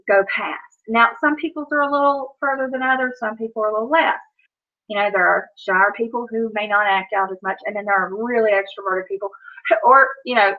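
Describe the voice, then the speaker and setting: A woman vlogger talking casually to her viewers on a stream, rambling with lots of "you know" and restarts, and laughing between words. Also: fairly high pitch. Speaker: YouTube vlogger on a live stream. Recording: dull lo-fi audio.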